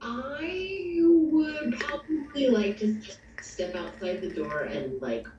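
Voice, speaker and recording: A woman's voice: high voice, expressive, takes it slowly, mellow, echoey room. A woman playing a tabletop role-play game in a playful, laughing way, recorded distant and dull with faint noise. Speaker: player.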